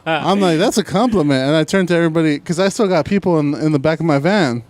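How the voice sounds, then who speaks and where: Animated storytelling man, higher voice. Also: fast. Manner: animated, acts out both sides of a phone argument. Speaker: podcast co-host. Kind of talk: casual storytelling chat.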